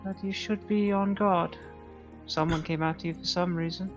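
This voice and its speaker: A woman speaking in character, giving measured, formal advice. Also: on the low side, fairly even intonation, dull audio, faint music behind. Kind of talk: in-character role-play.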